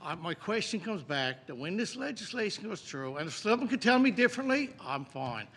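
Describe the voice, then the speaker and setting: A man's voice: sits high, sing-song, a bit bright, husky. Indignant man debating in committee. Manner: indignant, emphatic, slows down to stress words. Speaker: opposition member in committee. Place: legislative chamber.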